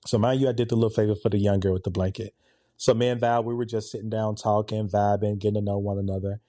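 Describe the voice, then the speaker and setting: Man in his forties, relaxed, dark-toned storyteller. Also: fairly low pitch, fast, no echo. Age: 40s. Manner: animated, conversational, with a laid-back, relaxed tone. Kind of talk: casual storytelling.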